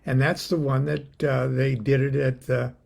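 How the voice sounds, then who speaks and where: An older man hosting a casual chat, rambling and halting with many fillers. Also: medium pitch, level tone, gravelly, darkish tone. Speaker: host.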